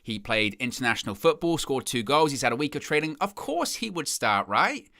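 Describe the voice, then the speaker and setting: A man's voice: medium pitch, big pitch swings, a little fast, bright, forceful tone, no room sound, studio quality. A young man hosting a football fan live stream, chatting casually in a rambling, self-deprecating way and often repeating himself.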